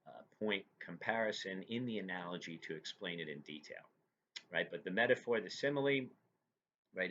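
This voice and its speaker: In a dull, lo-fi classroom recording with faint noise, a man with a low, fairly bright voice gives a lecture. He walks through terms one step at a time, frequently checking in with "right?"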